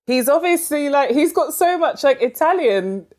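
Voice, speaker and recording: A woman novelist from London, chatting as an interview guest, filling with "like" and acting out quoted dialogue. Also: moderate pace. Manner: chatty, fills with "like", acts out quoted dialogue with lively pitch jumps. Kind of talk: casual storytelling interview.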